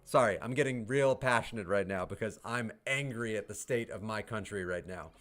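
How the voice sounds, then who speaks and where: A man from the United States chats on a livestream, reading and answering the chat while ranting heatedly, swearing, and laughing in between. His voice is fairly low with a fairly bright tone, at normal speed, and faint music plays behind him.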